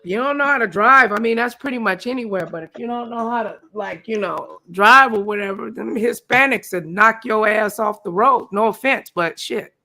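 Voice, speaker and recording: Bright, dramatic woman telling gossip. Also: fairly high pitch, moderate pace, few pauses. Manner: loud, dramatic storytelling with laughs and acted-out quotes. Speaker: host. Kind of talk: casual gossip chat. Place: Las Vegas area, at home.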